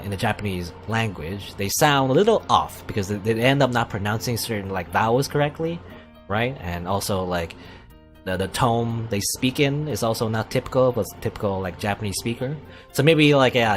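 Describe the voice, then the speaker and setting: Low-voiced man reading a visual novel. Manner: rambling, thinking aloud with many fillers; puts on a mock posh British voice for quips. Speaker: let's play host.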